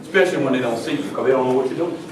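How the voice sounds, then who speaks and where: A pastor preaching a sermon to his congregation, swinging between quiet asides and shouted climaxes. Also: mid-range voice, very fast, a crowd in the background. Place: church sanctuary with congregation. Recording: very echoey church hall from far off with congregation. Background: congregation responding and laughing.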